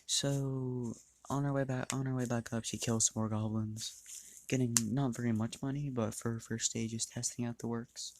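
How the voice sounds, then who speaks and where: A man tells a fan-made story off the cuff, rambling and correcting himself as he goes, with casual swearing. His voice sits at an ordinary male pitch, and a faint hiss runs under it. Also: steady tone, moderate pace, a little mellow. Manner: rambling, swears, restarts often.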